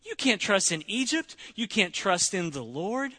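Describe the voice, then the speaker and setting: A boastful male Assyrian commander hurls taunts at a besieged city, as a man puts him on while retelling the story. His voice is bright and sharp, sitting a touch high. The jeers come in repeated short threats. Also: sing-song, a little slow, heavily acted. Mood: taunting. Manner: taunting, mocking.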